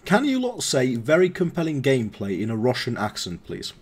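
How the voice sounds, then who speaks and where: A man's voice: medium pitch, wildly swooping pitch, a little fast, slightly rough. A man streaming a video game, bantering and jokingly teasing his friends on the call. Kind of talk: casual banter while gaming live.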